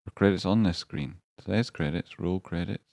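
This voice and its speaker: A man hosting a live stream in a rambling, excitable way, swearing now and then and swinging between grumbling and hype. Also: sits low, normal speed, vocal fry, no echo. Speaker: stand-in livestream host. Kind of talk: casual live-stream chat.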